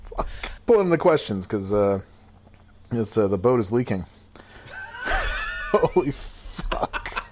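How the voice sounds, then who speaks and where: Podcast co-host, man, animated pitch, rambling and giggly, casual profanity. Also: normal speed, pauses often, a little hiss or hum. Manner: rambling, laughs often, profane. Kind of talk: casual chat.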